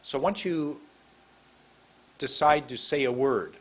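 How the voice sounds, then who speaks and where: A man teaching English pronunciation to camera, speaking in a drawn-out, emphatic way and demonstrating mouth positions. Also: mid-range voice, husky. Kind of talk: slow deliberate teaching to camera. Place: room with a computer and camera.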